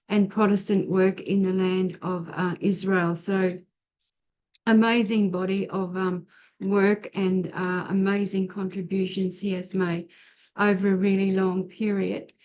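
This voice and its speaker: A woman's voice: mid-range voice, a little mellow, dull audio. A woman hosting an online seminar, introducing speakers in an effusive, hesitant way with many fillers. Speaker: seminar host. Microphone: video call.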